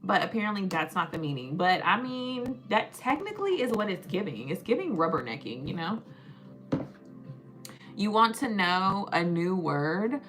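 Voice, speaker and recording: A woman's voice: medium pitch, big pitch swings, normal speed, fairly bright tone, soft background music. A woman hosting a casual live stream, playful and joking, drawing out words as she sounds them out. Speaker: livestream host.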